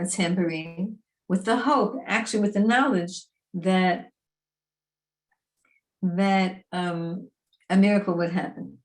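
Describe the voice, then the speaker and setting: A woman teaching a Torah class in a lively, chatty, emphatic way. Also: medium pitch.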